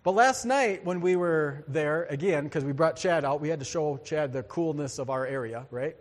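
A man's voice: fairly high pitch, normal speed, big-room sound. A male pastor preaching a sermon in a church, in a conversational way with joking asides to the congregation.

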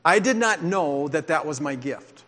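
A male pastor preaching with earnest, confessional storytelling. His voice sits a little high for a man, and the sound rings out with a long hall reverb as in a church sanctuary. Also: lively intonation, a little slow, fairly bright tone. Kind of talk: sermon with personal testimony.

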